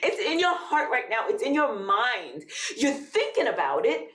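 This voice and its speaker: A woman's voice: a little high, very animated, measured pace, fairly bright tone, roomy sound. A woman guest on a podcast, a fitness coach speaking in casual chat, laughing often and encouraging emphatically.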